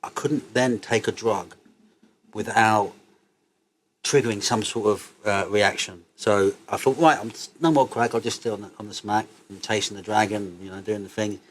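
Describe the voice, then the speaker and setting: Male, 50s, interview guest; sweary, animated raconteur with faint background noise. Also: lowish voice, normal speed. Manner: swearing, animated, laughs through his stories. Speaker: interview guest, cannabis entrepreneur. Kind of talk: casual interview storytelling.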